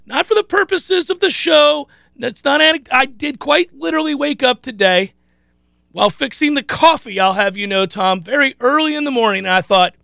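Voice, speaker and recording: A sports talk host, a man, riffs animatedly in a casual, rambling way and often starts sentences over. His voice sits high with a gravelly edge and a bright, forceful tone, recorded dry and close. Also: dry recording. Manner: animated, chatty, frequent restarts.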